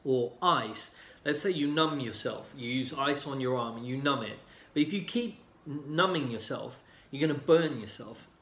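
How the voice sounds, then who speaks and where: Relaxed, echoey man explaining at length. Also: medium pitch, moderate pace, hardly any pauses. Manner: relaxed, explanatory, many fillers, acts out clients' lines. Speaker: healing coach. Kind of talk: casual talk to camera. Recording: roomy echo.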